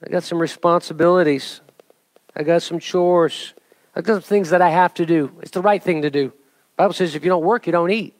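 A middle-aged male pastor preaching a sermon with an object lesson, jokey and animated, building to emphatic calls to the congregation. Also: fairly high pitch, fairly quick, dry recording.

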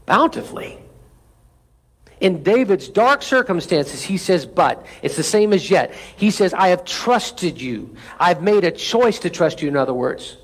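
A man's voice: high-pitched, sing-song, a little slow, husky. A man preaching a sermon as pastor, asking the room for amens and reading scripture with rising intensity. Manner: preaching with call-and-response asides.

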